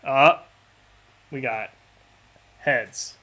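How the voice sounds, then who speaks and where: A man's voice: mid-range voice, extremely slow, bright, forceful tone. A man hosting a live stream, chatting casually in an upbeat, slightly scattered way. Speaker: podcast and stream host.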